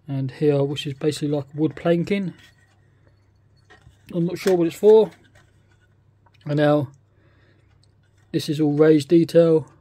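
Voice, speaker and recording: A man's voice: a little high, warm tone. A man with a British accent, casually talking through a model kit unboxing, often hesitant and thinking aloud. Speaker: scale model kit reviewer.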